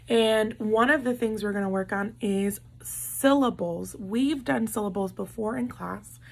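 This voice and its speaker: A woman's voice: on the high side, creaky, a little hiss or hum. A woman teacher giving a lesson to young children, patient and encouraging, sounding out words syllable by syllable.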